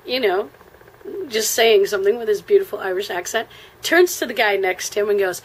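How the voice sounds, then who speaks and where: A woman with an American accent telling a travel story in a casual, rambling way, with lots of fillers and frequent throat clearing. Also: mid-range voice, brisk, rough recording.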